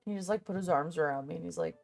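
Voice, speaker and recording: A woman's voice: fairly low pitch, racing, gravelly, soft background music. A young woman in casual, rambling chat who swears freely and mutters to herself as she makes a list. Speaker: vlogger.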